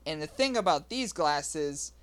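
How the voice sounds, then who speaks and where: A man hosting a casual podcast chat, rambling and halting with lots of fillers. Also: fairly high pitch, animated, fairly bright tone, smooth. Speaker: podcast host.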